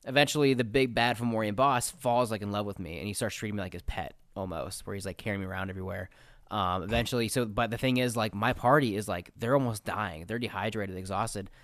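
A man's voice: on the low side, quick pace, fairly bright tone, no echo. A man casually telling a story from his tabletop game, rambling and profane, with lots of fillers. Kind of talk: casual anecdote.

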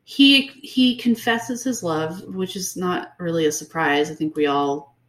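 A woman's voice: on the low side, measured pace, fairly bright tone. A woman co-hosting a podcast, recapping a book in casual, sarcastic chat with lots of fillers. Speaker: podcast co-host.

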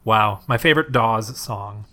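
A man co-hosting a comedy podcast, riffing in improvised banter, playful and quick to laugh. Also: lowish voice, sharp tone. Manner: playful, quick to laugh, goes along with absurd bits. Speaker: podcast co-host.

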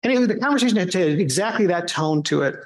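High-voiced man teaching Bible study. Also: expressive, quick pace. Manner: conversational, acts out quoted voices with big pitch jumps. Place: small group Bible study.

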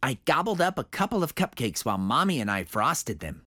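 A woman reading a children's picture book aloud with lively expression. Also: a bass voice, fairly quick, no room sound, studio quality. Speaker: storybook reader.

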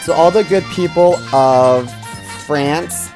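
A man co-hosts a casual podcast in an ordinary middle-pitched voice. He rambles and restarts with plenty of fillers, landing crude jokes, while faint music plays in the background. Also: fairly even intonation, drawn-out words. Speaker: podcast co-host. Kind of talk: casual chat.

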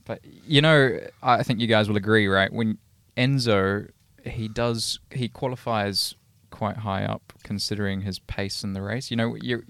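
Chatty young man, low voice, dry close mic. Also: fairly even intonation, unhurried, few pauses, fairly bright tone, clean tone, no room sound. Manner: rambling, chatty storyteller. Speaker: podcast co-host and racing driver. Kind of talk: casual chat.

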